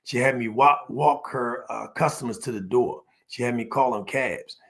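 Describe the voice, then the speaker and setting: A man delivers a motivational business speech with a gravelly, creaky edge to his mid-pitched voice. He builds points through repeated phrases and emphatic call-and-response with his audience. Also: normal speed, a bit bright. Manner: storytelling, repetitive listing cadence.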